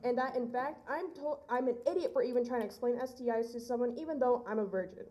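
A woman's voice: a little high, quick pace, warm tone. An eighteen-year-old woman performing spoken word poetry on stage, earnest and rising to firm emphasis. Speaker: slam poet. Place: live poetry event on stage.

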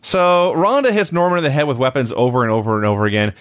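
A man's voice: mid-range voice, very animated, quick pace. Dry, sarcastic male recapper. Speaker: podcast co-host. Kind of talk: casual chat, recapping matches.

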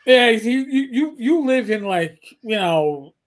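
A man's voice: very high voice, sing-song, slow, noisy background. A man from New York City in casual podcast chat, often stammering and repeating words as he starts sentences. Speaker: podcast panelist.

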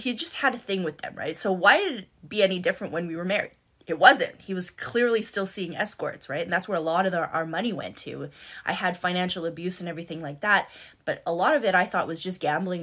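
Fairly low in pitch but with a fairly bright tone, the middle-aged woman keeps telling her story candidly on her live stream. A life coach and content creator, she swears without holding back and repeats words for emphasis.

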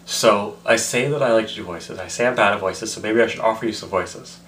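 A man's voice: lowish voice, fairly quick, fairly bright tone, slight background noise. A tipsy man rambling in a casual, self-mocking vlog. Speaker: vlogger.

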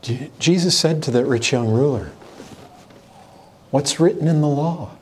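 A man delivers a sermon as pastor, his delivery impassioned. He climbs to raised, urgent peaks and then drops to low, hushed warnings. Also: a little slow, a little hiss or hum. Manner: impassioned preaching, pitch swinging between raised intensity and low hushed warnings.

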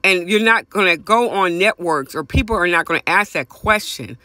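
Fiery high-voiced man ranting. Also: lively intonation, normal speed, pushed and bright, no room sound. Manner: profane, passionate, repeats phrases for emphasis; swings from high exclamations to low mutters. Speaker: podcast host. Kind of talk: ranting opinion monologue.

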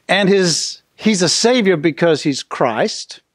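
An older man preaching a sermon as pastor, stretching out key words and dropping to a hush at the ends of phrases. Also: sits high, lively intonation, takes it slowly, dry recording, clean studio sound.

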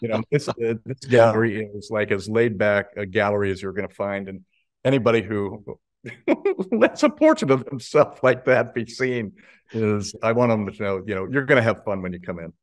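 Easygoing middle-aged guy chatting over a video call, lowish voice, dry sound, laughs a lot. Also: animated, normal speed, dry recording. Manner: laid-back, chuckling storyteller. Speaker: guest artist. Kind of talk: casual interview chat.

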